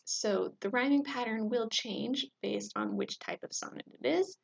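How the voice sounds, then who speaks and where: Woman lecturing with gravelly fry. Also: a little high, a little slow. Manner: explanatory, many fillers, chants the rhythm aloud. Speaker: instructor. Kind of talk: recorded lecture. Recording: dull lo-fi recording.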